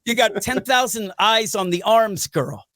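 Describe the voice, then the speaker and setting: A man hosting a comic book podcast in casual chat, animated, swearing and laughing often as he acts out characters. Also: sits high, measured pace, no echo, clean studio sound.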